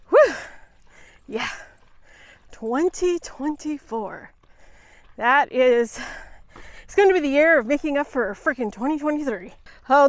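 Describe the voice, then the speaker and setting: A woman's voice: high-pitched, no echo. A woman vlogging casually while hiking outdoors on a hillside trail, a little out of breath, chatty and chuckling as she talks to her dog, recorded on a handheld pocket camera. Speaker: travel vlogger.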